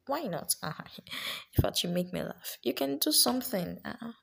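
A woman's voice: fairly high pitch, expressive, normal speed, gravelly, a bit bright, breathy edge, pitched above the performer's own voice, exaggerated voice. A woman voicing an upbeat young friend giving an earnest, coaxing pep talk. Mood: reassuring.

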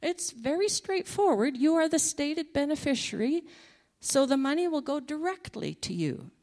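A woman voicing a calm, businesslike man who explains an insurance payout in a matter-of-fact way. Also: high-pitched, normal speed, long reverb tail, voice pushed up.

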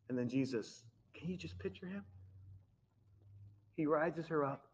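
Male pastor, conversational sermon delivery, slightly high voice, muffled lo-fi recording. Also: unhurried, slight background noise. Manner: animated, conversational preaching with laughs and acted-out quotes. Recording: dull lo-fi sound.

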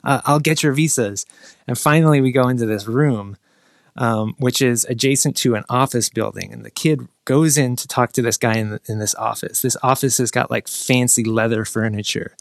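A man's voice: mid-range voice, fairly even intonation, moderate pace, creaky, no echo, clean studio sound. A man telling a long, rambling anecdote in a casual chat, restarting sentences often. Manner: rambling storyteller with many restarts, mimics people in quotes. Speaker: guest telling a travel story.

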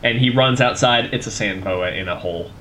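A man co-hosting a casual podcast, presenting his research in a relaxed, chuckling way. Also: mid-range voice, brisk, a little hiss or hum. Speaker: podcast co-host presenting the topic.

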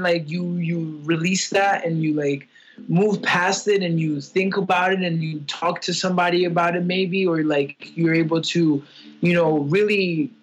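Husky young man in candid chat. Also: high-pitched, low-quality recording. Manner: rambling, filler-heavy, candid and emotional. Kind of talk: casual podcast chat.

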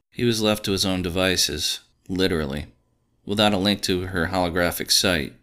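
A man narrating audio fiction in a steady, measured storytelling manner. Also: low voice, smooth.

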